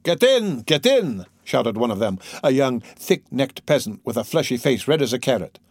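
A man narrating an audiobook in an expressive storytelling manner. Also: medium pitch, a little fast, slightly rough, no room sound, studio quality.

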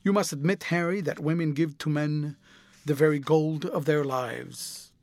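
An earnest, passionate young gentleman who speaks with eager sincerity, as a male narrator puts him on. The voice is a little high and heard close and dry in an audiobook. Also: fairly even intonation, unhurried, no echo.

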